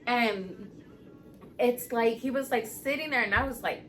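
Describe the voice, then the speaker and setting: A woman in her thirties, a podcast co-host, telling a profane, animated story in casual chat. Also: fairly high pitch, unhurried, faint music behind.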